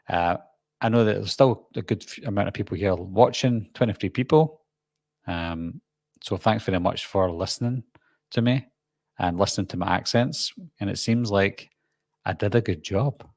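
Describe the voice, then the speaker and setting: A man's voice: on the low side, gravelly, no room sound. A Scottish man hosting a live-stream Q&A, chatting in a rambling, self-deprecating way. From Scotland. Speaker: horror channel host.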